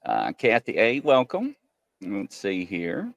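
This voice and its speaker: Chatty low-voiced male stream host. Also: wildly swooping pitch, slow, gravelly, fairly bright tone, dry recording, highs cut off. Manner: greets viewers by name, jokey and chatty. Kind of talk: casual live-stream chat.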